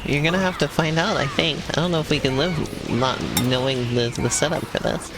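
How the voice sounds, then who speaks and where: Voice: mid-range voice, fairly quick. A co-streamer in casual gaming chat, giving dry, brief replies.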